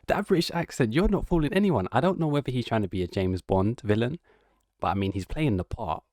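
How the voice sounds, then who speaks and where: A man's voice: medium pitch, lively intonation, fast, darkish tone, dry recording, clean studio sound. A man giving casual, mocking reaction commentary in a slangy, incredulous tone. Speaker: online commentator.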